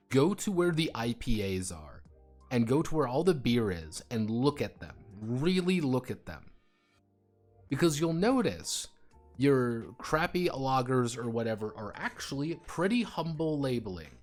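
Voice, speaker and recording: A man streaming live, chatting casually and ranting with lots of swearing and jokes. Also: medium pitch. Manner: profane, ranting, jokey.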